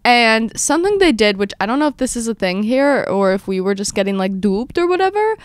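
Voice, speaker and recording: A woman in her twenties hosting a podcast, telling a story in casual chat with lively, dramatic retellings of her own quotes. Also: on the high side, brisk, smooth, dry recording, studio quality. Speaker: podcast host.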